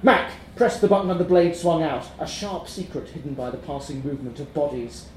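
A man's voice: a little high, steady tone, brisk, darkish tone, a little hiss or hum. A man reading a darkly comic story aloud, wry and chuckling. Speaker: narrator. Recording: roomy echo.

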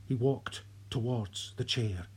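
A narrator reading a story aloud in a soft, unhurried way, sometimes dropping to a whisper. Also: mid-range voice, noisy background. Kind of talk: audiobook narration.

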